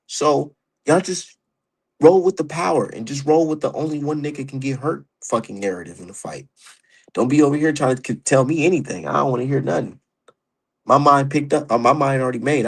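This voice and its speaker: A man's voice: mid-range voice, gravelly, husky. A man ranting about boxing on his stream, heated, profane and mocking. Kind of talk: opinionated casual rant.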